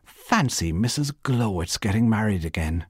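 A man's voice: lowish voice, lively intonation, normal speed, husky, no room sound, studio quality. A man reading aloud voices a proud, talkative middle-aged wife in a raised, chattering, indignant voice. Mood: comfortable chatty.

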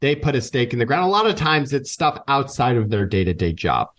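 A man's voice: mid-range voice, fairly quick. Enthusiastic male podcast guest. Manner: energetic, enthusiastic storyteller. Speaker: guest author and keynote speaker. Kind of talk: storytelling in a podcast interview.

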